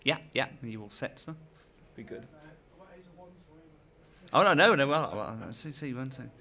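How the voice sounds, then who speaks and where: A man's voice: medium pitch, expressive, moderate pace, bright, forceful tone. A man hosting an interview, asking chatty, eager, rambling questions. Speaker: interviewer, host.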